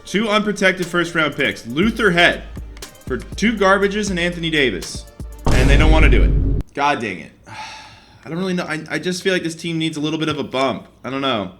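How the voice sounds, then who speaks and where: A young man commentating over a basketball video game as a gaming YouTuber, excitable and quick to get frustrated. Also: on the high side, music in the background. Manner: excitable, swings between hype and frustration.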